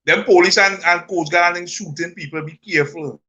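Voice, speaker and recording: A man's voice: high-pitched, fairly even intonation, normal speed, pushed and bright, highs cut off. A man, co-hosting a casual chat, teasing and relaying listener questions. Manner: teasing, laughs a lot, passes on listener questions.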